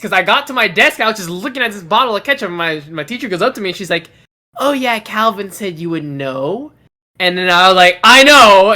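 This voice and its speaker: A man's voice: sits high, bright, forceful tone. A young man co-hosting a podcast, telling a story in casual chat with constant swearing. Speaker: podcast co-host.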